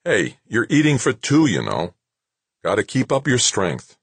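A man's voice: medium pitch, wildly swooping pitch, a little slow, husky, dry recording, pitched above the performer's own voice, exaggerated voice. A man reading an audiobook, voicing a big, cheerful man who talks in a hearty, reassuring way.

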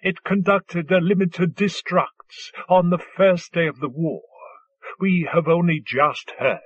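A polite ship intelligence that sounds reasonable but not very sincere, as a male narrator puts it on. The voice is slow and a little husky. The recording is dull and dry. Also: high-pitched, steady tone, no room sound, full character voice. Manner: reasonable, faintly insincere.

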